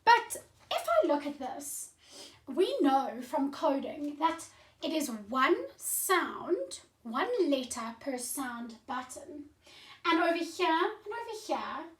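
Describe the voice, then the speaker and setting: Slow sing-song woman teaching young children. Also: high-pitched, fairly bright tone. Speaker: primary school teacher. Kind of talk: slow, clear classroom phonics lesson. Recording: roomy, distant from the mic.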